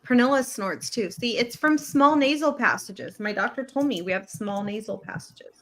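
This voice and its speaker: A woman from California co-hosting a casual livestream, an animated, laughing storyteller. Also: a little high, moderate pace. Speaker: co-host.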